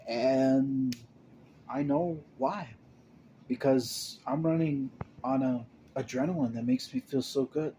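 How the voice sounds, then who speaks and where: A man's voice: mid-range voice, a little hiss or hum. Stammering young man, rambling confession. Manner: halting, stammering, many restarts and repeated words; emotional, confessional, swings between mumbling and loud bursts. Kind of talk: rambling personal monologue to camera.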